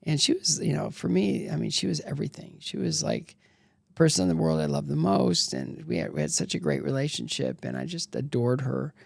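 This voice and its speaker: A man's voice: fairly high pitch, lively intonation, a little fast, creaky, no room sound, clean studio sound. A middle-aged man, a former athlete, telling candid, rambling stories as an interview guest and acting out the voices of people he quotes. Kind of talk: casual storytelling interview.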